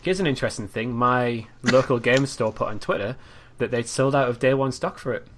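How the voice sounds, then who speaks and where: Homme britannique au débit rapide. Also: male voice, medium pitch, fairly bright tone, a little hiss or hum. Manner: chatty, runs through news items. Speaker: podcast co-host. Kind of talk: casual chat.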